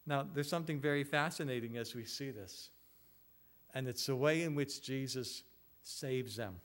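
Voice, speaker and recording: A man's voice: medium pitch, normal speed, fairly bright tone. A man preaching an expository sermon as pastor, earnest, asking rhetorical questions and repeating phrases for emphasis.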